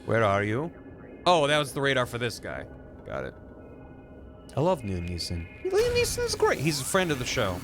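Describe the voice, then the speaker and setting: This man's mid-range voice swoops wildly in pitch at a moderate pace, broken by long pauses. He's live-streaming a video game over its music, chatting with viewers in a goofy way full of swearing and groaning.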